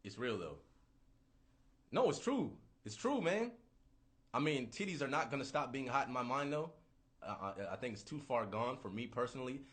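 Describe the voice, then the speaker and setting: A man in his thirties ranting casually on a livestream, profane, rambling and animated. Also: mid-range voice, moderate pace. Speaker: livestream host.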